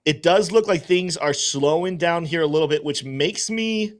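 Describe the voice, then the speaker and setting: Brief: male livestream host, a touch high-pitched, muses out loud in loose rambling chat. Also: moderate pace. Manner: thinking aloud, rambling with restarts. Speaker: host and trader.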